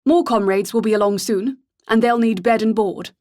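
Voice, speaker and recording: A woman's voice: fairly high pitch, moderate pace, darkish tone, close to an everyday voice. A woman reading the part of a cold, ruthless male gang leader with a clipped, educated English accent and a curt, menacing way of speaking. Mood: commanding.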